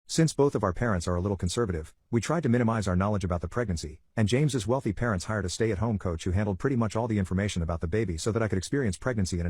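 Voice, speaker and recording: A man reading online stories aloud in a rapid, steady read-aloud delivery. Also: on the low side, breathy edge, no echo, clean studio sound. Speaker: story narrator.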